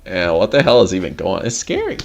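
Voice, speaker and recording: A man hosting a casual livestream chat, animated, laughing often and swearing casually. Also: low voice, fast, vocal fry, faint music behind. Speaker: livestream host.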